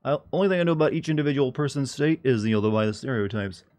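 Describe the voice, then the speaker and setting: A man's voice: mid-range voice, expressive, very fast, darkish tone. Rambling, jokey male streamer. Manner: rambling, jokey, puts on silly voices. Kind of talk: casual chat with viewers. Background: faint music and air conditioning hum.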